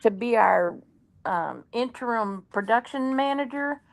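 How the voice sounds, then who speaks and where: A woman's voice: fairly high pitch, lively intonation, unhurried, vocal fry. A woman chatting casually with a friend, telling stories and reading out search results. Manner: chatty storyteller, reads aloud from the web. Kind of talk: casual chat.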